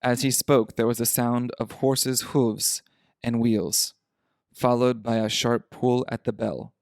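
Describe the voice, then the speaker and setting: A man reads a classic story aloud for English learners, in a clear and measured way. His voice sits at a middle pitch. The recording is dry and close, with no room echo. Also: fairly even intonation, a little mellow. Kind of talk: scripted story reading.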